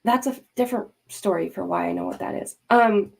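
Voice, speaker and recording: A livestream host rants in an exasperated, emphatic way, cursing freely and breaking off mid-rant to address her chat and mods. Her voice is mid-range and gravelly, and she speaks a little fast.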